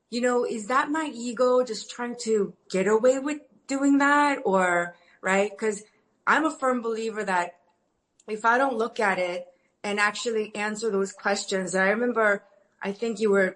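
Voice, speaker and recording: A woman's voice: mid-range voice, pushed and bright. A woman asking a question at a recovery meeting over an online call. She speaks earnestly and rambles, with many restarts and "you know"s.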